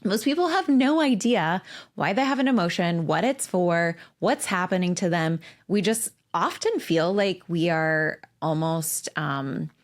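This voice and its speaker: A woman's voice: lowish voice, expressive, unhurried. A woman in her forties hosting a casual solo podcast, candid and emphatic, swearing freely as she talks. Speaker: podcast host and coach.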